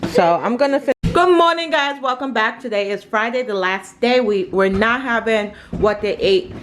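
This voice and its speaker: A woman from Jamaica hosting a casual family vlog at home, chatting in an unhurried way with many filler words. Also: on the high side. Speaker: mother and family vlog host. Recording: noisy home recording.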